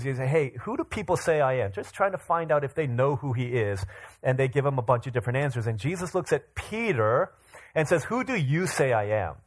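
A man delivering a sermon in a voice of ordinary middle pitch. He reads scripture with expressive character quotes, then shifts into easy, conversational teaching. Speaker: pastor.

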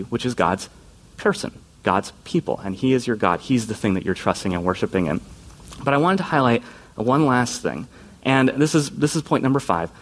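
A man's voice: mid-range voice, breathy edge. A man preaching a conversational sermon as a youth pastor, earnest and informal, often slipping into quoted voices.

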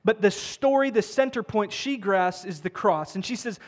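Speaking at a moderate pace in a high voice, this male pastor delivers a sermon that is both emphatic and conversational, leaning on repeated words for emphasis. He's in a church sanctuary, and the audio has a long church-hall echo.

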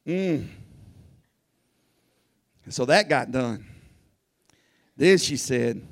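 A man preaching a sermon, telling a folksy story that swings from loud to hushed. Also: medium pitch, lively intonation, drawn-out words. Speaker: pastor.

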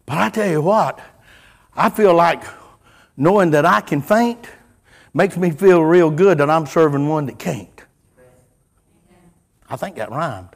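Folksy preacher, swinging loud and soft. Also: male voice, a little high, lively intonation, unhurried, creaky, long pauses. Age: middle-aged. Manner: folksy, storytelling, wide swings from hushed to loud. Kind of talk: sermon.

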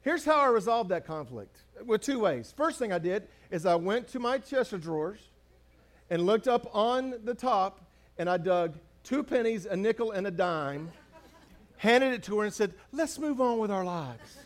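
A man's voice: sits high, lively intonation, normal speed. A man preaching a sermon as pastor, conversational and humorous, repeating phrases for emphasis.

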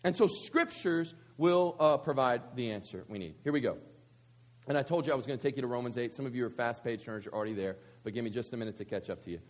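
A pastor preaching a conversational sermon at a church service, asking many rhetorical questions. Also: male voice, medium pitch, fast.

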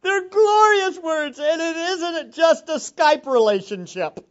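A preacher giving an impassioned sermon, moving from quiet reflection to loud exclamations and closing in prayer. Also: very high-pitched, expressive, takes it slowly, highs cut off. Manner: ends in prayer.

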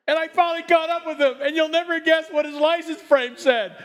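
Older male pastor, very high-pitched, excitable, joking sermon delivery. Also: fairly quick, slight background noise.

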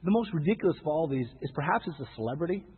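A man preaching with a somewhat high, husky voice and a conversational, emphatic delivery that repeats phrases and acts out quoted voices. The sound is thin and phone-like, with a long reverb from a large hall. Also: animated, rapid-fire. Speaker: pastor. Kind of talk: sermon.

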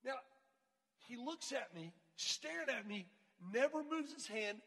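A man speaking to a youth group, telling a story in an excitable, slangy way with frequent laughs, in a large church hall. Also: extremely high pitch, measured pace. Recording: long reverb in a large hall.

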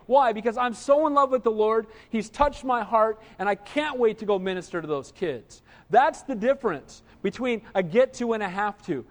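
A man preaches to his congregation in a lively, conversational style, tossing them quick questions as he goes. His voice sits very high for a man. The sound carries a long reverb from a church hall. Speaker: pastor. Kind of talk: sermon.

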